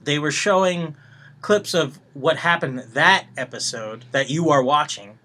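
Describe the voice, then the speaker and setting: A young man co-hosts a podcast with a slightly high voice. He explains things in a loose, rambling way and keeps pausing on fillers. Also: sharp tone. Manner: rambling, many fillers and pauses. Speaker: podcast co-host. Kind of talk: casual chat.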